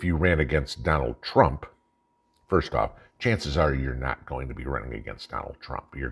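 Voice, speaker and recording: A man's voice: very deep voice, normal speed, creaky, breathy edge. A man hosting his own channel, delivering an angry, profane political rant, blunt and mocking. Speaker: channel host. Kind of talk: ranting political monologue.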